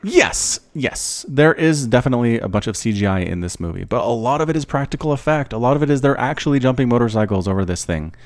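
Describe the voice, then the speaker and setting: A man's voice: medium pitch, animated, fast, hardly any pauses. A man in casual podcast chat who tells long, rambling stories full of enthusiastic asides.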